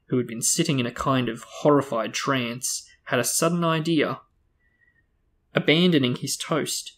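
A man reads a novel aloud in steady, plain narration. His voice sits in a middle pitch, even and unhurried. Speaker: reader and show co-host.

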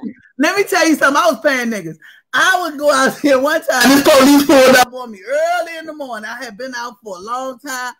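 A woman's voice: sits high, fairly quick, a loud crowd. A woman co-hosting a comedy chat over a video call, telling raunchy stories with big laughs and acted-out voices. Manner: animated, laughing, acts out other people. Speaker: comedy show co-host. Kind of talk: raunchy comic storytelling.

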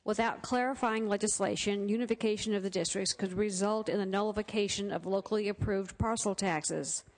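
A woman's voice: medium pitch, fairly even intonation, brisk. A woman senator presenting a bill on the floor, explaining it in a prepared, formal speech. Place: large legislative chamber. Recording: chamber broadcast with long reverb.

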